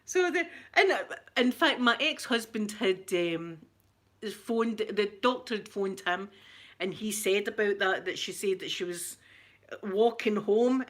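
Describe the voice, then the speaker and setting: A middle-aged woman with a Scottish accent, hosting a casual live chat, chatty and quick to laugh, often repeating herself. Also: mid-range voice. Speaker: livestream host.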